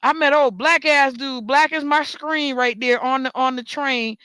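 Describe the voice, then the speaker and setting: American host, casual monologue rant, emphatic and repetitive, high bright voice. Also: fairly even intonation, normal speed, dry recording. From United States. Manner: emphatic, repetitive storytelling with cursing. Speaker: talk show host.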